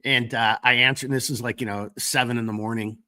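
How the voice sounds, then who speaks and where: A man's voice: mid-range voice, steady tone, fast talker, pushed and bright. A man with a cold hosting a live stream, reading viewer comments in a rambling, casual way with frequent fillers and some cursing. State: fighting a cold. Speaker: gear company owner hosting a live stream.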